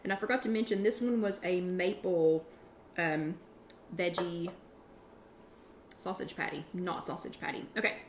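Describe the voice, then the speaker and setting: A woman's voice: lowish voice, fairly even intonation, normal speed, pauses often, a little hiss or hum. A woman hosting a casual live cooking chat from her home kitchen, talking in a chatty, rambling way and restarting her sentences. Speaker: online workshop host.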